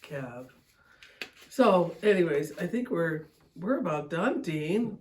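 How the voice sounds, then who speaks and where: Animated middle-aged woman telling stories. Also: takes it slowly, a little hiss or hum. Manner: animated, laughs often, voice jumps high when excited. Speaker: podcast host. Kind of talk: casual storytelling chat.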